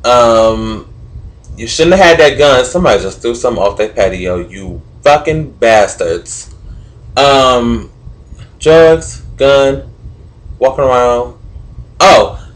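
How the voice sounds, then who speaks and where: A man's voice: mid-range voice, animated, slow pace, pauses often. A young man giving sarcastic, opinionated commentary to camera, swearing freely and asking questions he answers himself. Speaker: vlogger.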